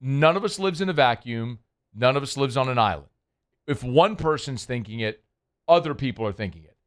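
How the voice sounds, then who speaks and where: A man's voice: mid-range voice, animated, brisk. A man hosting a sports radio show, chatting casually in a rambling, playful, self-deprecating way. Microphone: studio microphone.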